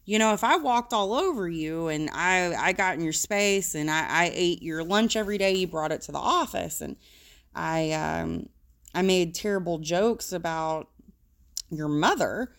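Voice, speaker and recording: A woman's voice: on the low side, expressive, moderate pace, creaky. A woman working as a social worker, talking frankly and casually about emotions, with the odd swear word.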